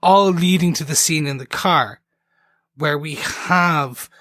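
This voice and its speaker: A man's voice: on the high side, slow, fairly bright tone, no echo. A man hosting a TV recap podcast in casual chat, talking eagerly and jumping between points with many restarts. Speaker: podcast host.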